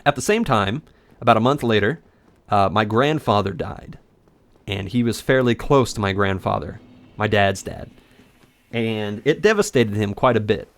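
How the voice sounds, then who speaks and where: A man's voice: on the low side, normal speed. A young man in casual commentary, telling a long personal story over gameplay, rambling and correcting himself as he goes. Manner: rambling, self-correcting, animated when indignant. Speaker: let's play commentator.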